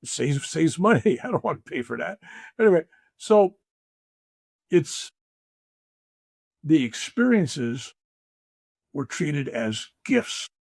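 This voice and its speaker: A fairly high-pitched, gravelly, slightly rough voice takes its time, pausing often, in a dry studio-quality recording. The older man is a spiritual teacher telling stories as a conversation guest, animated as he acts out quoted voices.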